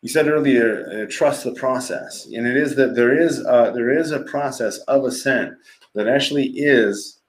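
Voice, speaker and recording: A middle-aged man guesting on a podcast speaks at normal speed in a medium-pitched voice, picked up by a livestream podcast mic. In casual conversation, he tells candid, profane personal stories and laughs often.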